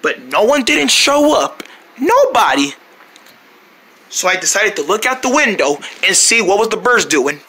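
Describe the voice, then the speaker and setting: Male storyteller, high and very bright, playful run-on story skit. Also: very animated, a little slow, husky. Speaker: storyteller voicing a character. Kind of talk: rambling first-person story skit.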